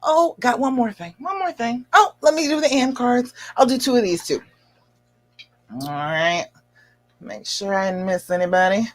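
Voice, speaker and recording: A woman hosting a live stream as a love coach, reading out viewer comments and giving encouraging advice with lively jumps in pitch and frequent laughs. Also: moderate pace. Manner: animated and encouraging, with big leaps up in pitch; laughs often while talking.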